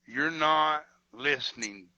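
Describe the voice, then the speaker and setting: A man joins a livestream argument as a guest, defensive and sarcastic, swearing back at the host. His voice is bright, sharp and a bit high. The call audio is dull and lo-fi. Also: takes it slowly, no room sound.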